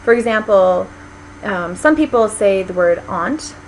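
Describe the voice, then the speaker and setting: A woman's voice: mid-range voice, animated, measured pace, slight background noise, poor audio. An American woman giving a lecture, explaining things step by step with frequent ums and small restarts. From United States. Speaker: linguistics lecturer.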